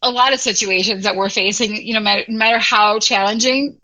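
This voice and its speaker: A woman hosts a podcast with a bright, clear voice. She talks in a warm, motherly way and encourages her guest as she asks questions. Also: mid-range voice, steady tone, a little fast, rough recording. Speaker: podcast host. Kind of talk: casual chat.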